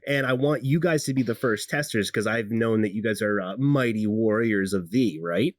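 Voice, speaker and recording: A man voicing a hyper, bubbly tiny female gnome inventor who chatters in an excited rush. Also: fairly low pitch, no echo, clean studio sound, natural voice. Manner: rapid, excited, stumbling chatter.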